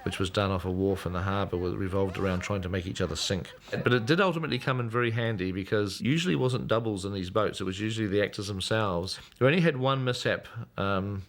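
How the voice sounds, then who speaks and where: A man in a documentary interview, recalling filming in a hesitant way with many pauses and fillers. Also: fairly low pitch. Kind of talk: casual interview recollection.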